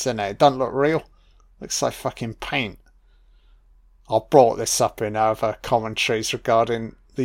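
A man's voice: medium pitch, vocal fry. A man giving a casual film commentary, musing aloud with plenty of swearing and fillers.

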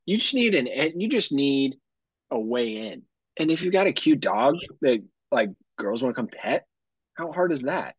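Man in his thirties, podcast co-host. Husky, swears casually, jokey banter. Muffled sound. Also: medium pitch, moderate pace, no room sound. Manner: joking, animated, swears freely. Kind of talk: casual chat.

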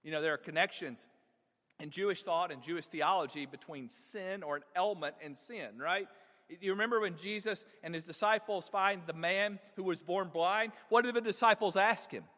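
A man's voice: sits high, normal speed, pushed and bright, long reverb tail. A male pastor preaching a sermon, engaging the congregation with frequent rhetorical questions.

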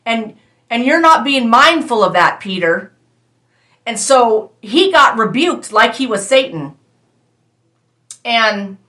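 A woman's voice: medium pitch, bright, forceful tone. A woman sharing a prophetic word in an earnest, conversational way, talking straight to her listeners. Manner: earnest, conversational, addresses listeners as "you guys". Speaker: prophetic preacher.

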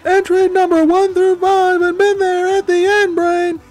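A man doing a deliberately bad impression of a veteran wrestling commentator, high and strained, in a mock-serious tone. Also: flat delivery, darkish tone, faint music behind. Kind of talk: sports commentary parody.

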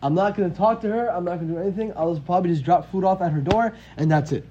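A man's voice: high voice, fast, mellow, lightly acted. A man voicing a pious male monk who reluctantly reassures himself, on a dull recording. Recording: dull lo-fi audio with faint hiss.

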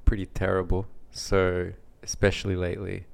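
A man's voice: low voice, completely flat delivery, normal speed, gravelly, a little mellow. A young Australian man co-hosting a podcast in casual chat, rambling with lots of "like" fillers, slightly under the weather with a flu. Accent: neutral Australian. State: recovering from the flu. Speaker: podcast co-host.

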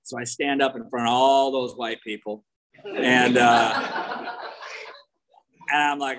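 A man's voice: medium pitch, fairly even intonation, slow, pauses often, fairly bright tone, rough recording. A man from the United States with a Californian accent, giving a candid, wry personal talk as main speaker at a recovery meeting.

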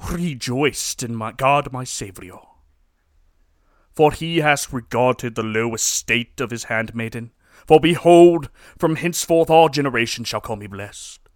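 A man voicing a solemn young woman who recites a psalm slowly and gravely in old-fashioned English. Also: mid-range voice, dry recording, studio quality, lightly acted. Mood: solemn, reverent.

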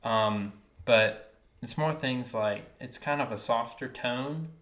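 A man's voice: medium pitch, slow, a bit bright. A man with a Wilmington, North Carolina accent, co-hosting a casual podcast, rambling and searching for words. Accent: Wilmington North Carolina Southern. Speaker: podcast co-host. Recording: echoey room.

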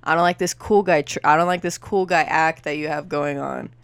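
A young woman co-hosts a casual chat podcast, her voice sitting somewhat low. She talks in an opinionated, rambling way, full of fillers. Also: fairly even intonation, a little fast, smooth, no echo. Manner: chatty, opinionated, filler-heavy. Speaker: podcast co-host.

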